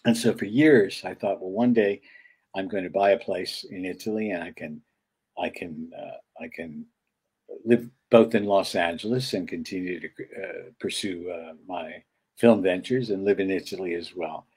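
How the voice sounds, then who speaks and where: An older man from upstate New York, talking as an interview guest and recalling things with many halting "uh" pauses. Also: low voice, darkish tone, slightly rough. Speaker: guest filmmaker. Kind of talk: casual interview chat.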